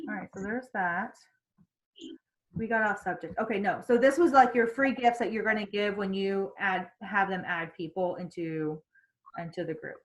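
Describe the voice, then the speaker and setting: A woman's voice: mid-range voice, a bit bright, low-quality recording. A woman leading a casual sales training on a group call, chatty, with lots of fillers and restarts. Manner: chatty, many fillers and restarts, acts out quotes.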